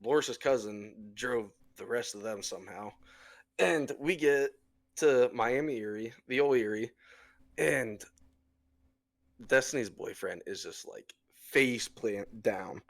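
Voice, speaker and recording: A young man co-hosting a podcast, talking loosely and swearing freely as he tells a story. He has a middle-pitched voice and an easygoing, offhand delivery. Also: slow. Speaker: podcast co-host. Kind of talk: casual chat.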